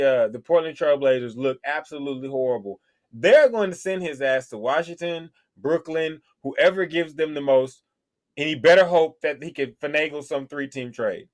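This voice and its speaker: A man hosting a sports podcast, ranting casually in a heated, profane way. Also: on the high side. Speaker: podcast host. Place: podcast studio.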